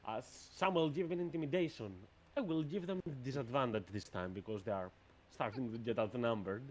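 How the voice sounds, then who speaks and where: A man running a tabletop game as game master, narrating the action in an animated way with many fillers. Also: medium pitch, a little fast, slight background noise.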